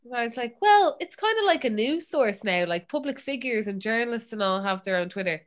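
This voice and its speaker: A young Irish woman co-hosting a chatty podcast, telling animated stories and mimicking her dad. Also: fairly high pitch, fairly quick, hardly any pauses. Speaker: podcast co-host. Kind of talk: casual chat.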